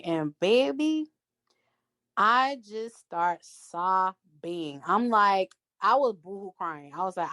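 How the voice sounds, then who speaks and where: A woman guesting on a podcast, telling a story in an animated, emphatic way and acting out what people said. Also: medium pitch, unhurried, dry recording. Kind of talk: casual storytelling chat.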